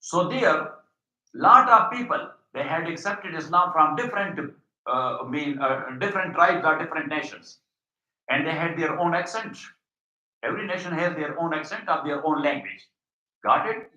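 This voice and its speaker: A man giving a classroom lecture on religion, explaining slowly, often checking his students follow and reciting Arabic passages quickly. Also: fairly high pitch, bright, forceful tone. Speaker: religious teacher. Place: mosque hall. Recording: dull, echoey mosque hall.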